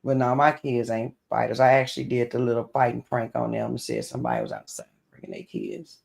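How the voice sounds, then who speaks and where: A male co-host chats in a relaxed way, drifting into stories from home. His voice has a strong gravelly fry at a mid pitch. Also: brisk. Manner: relaxed, storytelling. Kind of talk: casual chat.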